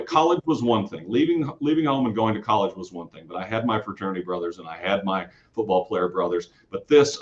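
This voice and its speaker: Animated rambling man on dull lo-fi audio. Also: sits low. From Kansas City area. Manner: rambling, animated storytelling with restarts. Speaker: guest storyteller and podcaster. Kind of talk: casual interview talk.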